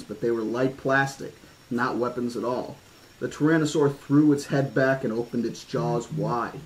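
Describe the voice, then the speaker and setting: A man's voice: medium pitch, slight background noise, rough recording. A man reading a horror-themed novel aloud, stopping now and then for casual asides and restarts. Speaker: audiobook reader.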